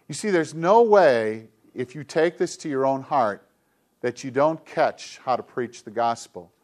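A middle-aged male pastor preaching a sermon with an emphatic, repetitive cadence, dropping at times into soft, hushed tones. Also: medium pitch, expressive, a little slow. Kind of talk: sermon to a congregation with kids.

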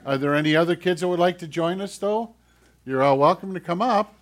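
A man giving a children's sermon as pastor, gentle and playful as he talks to the kids. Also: high voice, fairly quick.

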